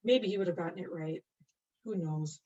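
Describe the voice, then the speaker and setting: A woman's voice: fairly low pitch, moderate pace, mellow. A middle-aged woman teaching an online nursing anatomy class, chatty and laughing often as she answers students by name. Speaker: nursing instructor. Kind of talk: live online anatomy lecture. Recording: distant, dull lo-fi mic.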